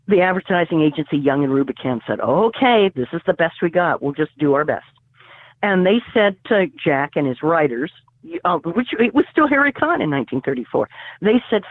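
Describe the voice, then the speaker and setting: Animated woman storyteller on a phone line. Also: fairly low pitch, dry recording. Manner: lively, digressive, with fillers and restarts. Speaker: college teacher. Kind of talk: animated storytelling about radio history. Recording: phone-like, dry sound.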